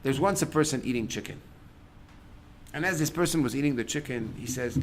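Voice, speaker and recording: A middle-aged man, a rabbi, giving a lecture to a class on relationships. He tells stories in a lively way, acts out what people say, and breaks into sudden loud outbursts. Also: mid-range voice, quick pace, a little hiss or hum. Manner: animated storyteller, acts out quotes, sudden loud bursts.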